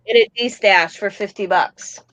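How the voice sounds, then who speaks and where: An older woman hosting a casual chat, telling lively stories about her granddaughter. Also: medium pitch, unhurried, dry recording, poor audio. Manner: animated storyteller, quotes her granddaughter. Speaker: host.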